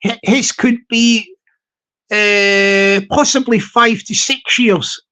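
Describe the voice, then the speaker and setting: A man's voice: sits high, steady tone, bright, forceful tone, poor audio. A man talks to his live stream in a loose, rambling way. He stalls on fillers and restarts often, and he repeats his points over and over. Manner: halting, repetitive, many fillers and restarts.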